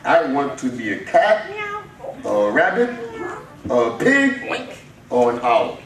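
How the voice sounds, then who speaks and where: A man's voice: mid-range voice, wildly swooping pitch, a little slow, noisy background. A man voicing a glum little frog in a picture-book reading, pleading in a whiny voice. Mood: wistful. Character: glum little frog who wants to be anything else. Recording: echoey room, heard from far off.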